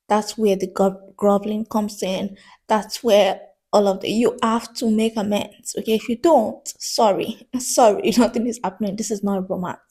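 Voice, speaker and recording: A young woman talks through her thoughts on books in a relaxed, chatty vlog, now and then breaking into a laugh. Her voice is soft and mellow rather than bright, with a slight sick heaviness to it. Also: mid-range voice. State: sick, a bit congested. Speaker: book vlogger. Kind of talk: casual vlog commentary.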